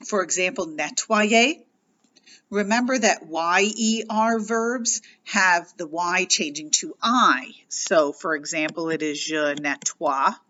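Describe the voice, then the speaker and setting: A woman's voice: on the low side, bright, forceful tone, muffled recording. A woman teacher explaining grammar patiently in a recorded lesson, spelling out letters as she goes. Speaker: French teacher.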